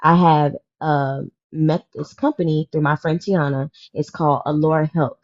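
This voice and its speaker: A woman's voice: deep voice, fairly even intonation, measured pace, darkish tone, muffled recording. A woman in her thirties hosting a podcast panel, talking in an emotional, emphatic way and repeating her points. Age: 30s. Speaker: podcast host. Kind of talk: casual panel chat.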